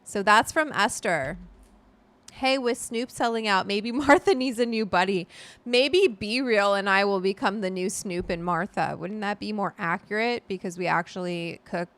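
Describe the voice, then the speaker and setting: At a moderate pace, a middle-aged woman with a fairly bright mid-range voice rambles through a casual home livestream, reading viewer comments and swearing casually. She is a cannabis cook using a studio mic at her desk in a home room.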